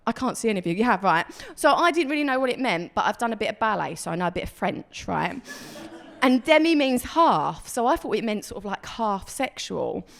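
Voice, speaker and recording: A woman's voice: medium pitch, big pitch swings, a little fast, creaky. A woman performing a stand-up comedy set on a club stage, chatty and self-deprecating, acting out the voices of people she quotes. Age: 30s.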